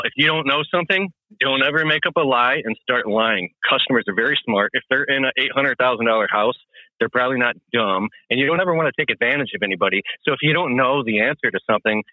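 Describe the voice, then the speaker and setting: A man's voice: medium pitch, no room sound. A man giving sales advice as a guest over a phone call, talking with confident emphasis. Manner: confident, emphatic, acts out customer talk. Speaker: guest landscaping business coach. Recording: tinny dry phone line.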